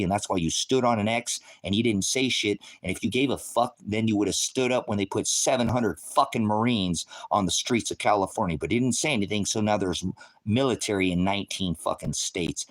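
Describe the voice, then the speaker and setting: A middle-aged man ranting on a livestream, heated, profane and confrontational, lecturing his viewers and the chat directly. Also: on the low side. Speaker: livestream host. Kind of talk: livestream rant.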